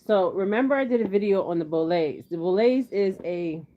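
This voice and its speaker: A woman does a casual tarot reading on camera, chatting in a rambling way and often checking in with "okay?". Her mid-range voice is expressive and a little fast. The lo-fi audio is slightly dull.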